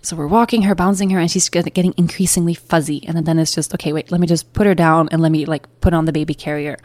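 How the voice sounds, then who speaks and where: A woman's voice: low-pitched, fairly even intonation, quick pace, darkish tone, dry recording. A young woman and new mother candidly telling a personal story in a chatty, emotional way. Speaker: podcast host.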